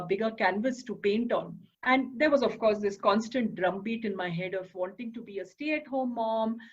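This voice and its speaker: Woman, interview guest, articulate, measured, slightly high-pitched, somewhat muffled lo-fi audio. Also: breathy edge. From India. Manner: articulate and measured, with occasional fillers. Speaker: interview guest, business founder. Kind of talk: reflective storytelling interview.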